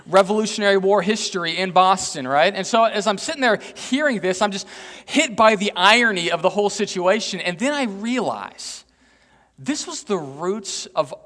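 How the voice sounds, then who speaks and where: A man's voice: high-pitched, a bit bright. A male pastor from Texas giving a chatty, self-mocking sermon, often tossing "right?" to the congregation. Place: church sanctuary. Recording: echoey church hall.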